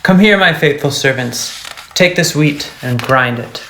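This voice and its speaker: A gruff, threatening old witch , as a man puts her on for a storybook reading. Her voice is low, gravelly and growling, kept hushed as if to menace. It sounds like it was recorded in an echoey room. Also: animated, unhurried, a little hiss or hum, exaggerated voice. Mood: commanding.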